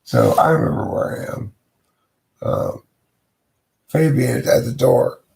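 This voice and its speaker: A man's voice: mid-range voice, huge pitch swings, slow pace, gravelly, a little mellow. A man telling an improvised story in a drowsy, meandering way, losing his thread.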